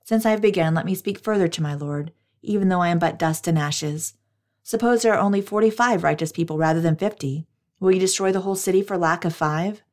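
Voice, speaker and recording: A woman voicing an older man who humbly pleads and bargains with God, read in her own plain, lowish voice. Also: brisk, darkish tone, natural voice. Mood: pleading.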